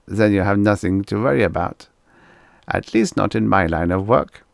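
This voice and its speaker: Man playing a german-accented psychiatrist, formal, clipped, low gravelly voice, dry sound. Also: moderate pace, no echo. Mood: clinical. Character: small thin German-accented male psychiatrist.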